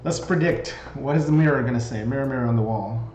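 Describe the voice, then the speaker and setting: A man's voice: mid-range voice, fast talker, a little mellow. Chatty male game streamer, roomy sound. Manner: chatty, jokey, reads game text aloud. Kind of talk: casual game commentary, reading dialogue aloud. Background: faint game music.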